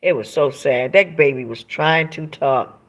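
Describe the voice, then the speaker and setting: A woman's voice: low-pitched, measured pace, highs cut off. Emphatic preachy woman livestreaming. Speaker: livestream host reading viewer comments. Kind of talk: emotional livestream monologue.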